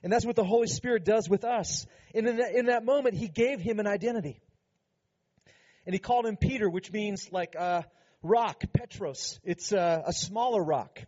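A man's voice: high voice, moderate pace, darkish tone, muffled recording. A man preaching a sermon as pastor, earnest and emphatic, with frequent conversational asides.

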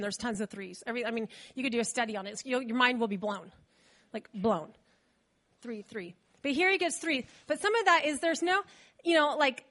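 A woman preaching a sermon in a chatty, animated way, with asides to the congregation. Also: sits high.

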